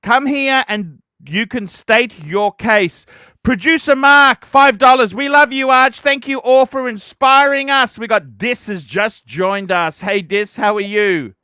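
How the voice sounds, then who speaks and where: A man hosting a livestream, ranting profanely and breaking into shouts. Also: very high voice, a little slow, smooth, no echo, clean studio sound. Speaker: livestream host.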